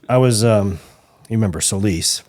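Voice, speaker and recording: Very deep-voiced man chatting and joking. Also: normal speed, darkish tone. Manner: laughs along, short joking interjections, then storytelling. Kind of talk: casual chat.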